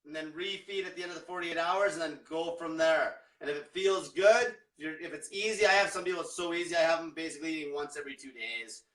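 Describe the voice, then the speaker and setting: A man's voice: fairly high pitch, fast, few pauses, a bit bright, far from the mic. A man coaching viewers in a blunt, combative rant full of swearing. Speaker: diet coach. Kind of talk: profane motivational rant. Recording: echoey room, off-mic.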